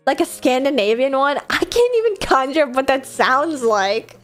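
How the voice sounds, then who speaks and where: A woman's voice: sits high, sing-song, normal speed, hardly any pauses, soft background music. A young American woman hosting a livestream, chatting casually and reading chat aloud, bubbly, laughing often and swearing freely. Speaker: livestream host.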